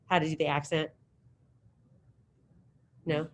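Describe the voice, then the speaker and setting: A middle-aged woman with a lower-than-usual voice runs a lively classroom lesson, calling out drills and cheering students on. A soft hiss of noise sits behind her. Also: takes it slowly, rough recording. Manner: upbeat, encouraging, chatty. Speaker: high school Spanish teacher. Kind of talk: classroom teaching with call-and-response drills. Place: classroom with students present and online.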